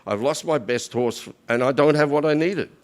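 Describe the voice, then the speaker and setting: A man voicing a wealthy, can-do merchant who is brisk and easily irritated. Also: on the high side, close to an everyday voice. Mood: annoyed.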